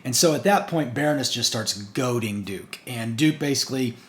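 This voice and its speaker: A man with a mid-range voice speaks at a moderate pace, casually recapping a comic book issue. He's chatty, recounting the plot in long run-on strings of events linked with "and" and "basically."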